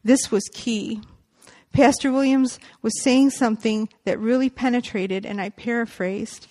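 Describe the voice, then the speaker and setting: A woman's voice: on the high side, steady tone, measured pace, warm tone. Earnest woman giving a faith testimony. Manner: earnest and reflective, quoting scripture. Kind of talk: personal testimony, partly read aloud.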